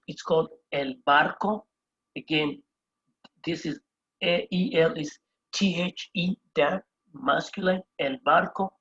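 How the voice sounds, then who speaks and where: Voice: mid-range voice, slightly rough, dull audio. A Spanish teacher giving a whiteboard lesson, patiently spelling out each word letter by letter and repeating every term. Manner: patient, explains step by step. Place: indoors at a whiteboard.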